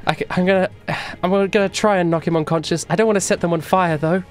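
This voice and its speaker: A man's voice: sits high, fairly even intonation, fast, soft background music, voice pushed up, natural voice. A man voicing an earnest young woman fighter in a tabletop game, slightly hesitant.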